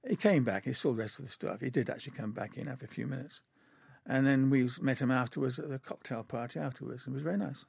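Older English man, gravelly chuckling storyteller. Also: medium pitch, fast, darkish tone, no echo. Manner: chuckling, rambling anecdotes with many fillers. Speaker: animator. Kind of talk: anecdotal interview storytelling.

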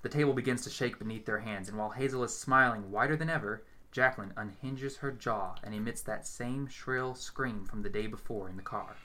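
A man reading a horror story aloud in a steady, measured storytelling voice. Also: on the low side. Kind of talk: dramatic horror story narration.

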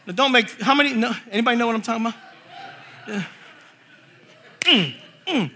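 Man, preacher, very high voice, lively storytelling sermon. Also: gravelly, slight background noise. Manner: animated storytelling, jokes and voices; reads scripture slowly and forcefully. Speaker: pastor.

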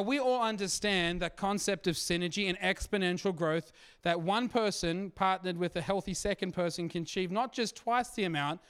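A man's voice: sits high, clean tone. A male pastor preaching a sermon to his church in an earnest, emphatic way.

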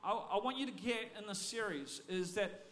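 A man preaching a sermon as a pastor, energetic and often repeating words as he restarts his phrases. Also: high-pitched, normal speed.

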